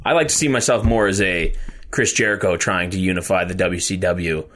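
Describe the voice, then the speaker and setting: A man's voice: low-pitched, fairly quick, fairly bright tone. A man joining a casual podcast chat, dropping dry, brief asides and confident boasts.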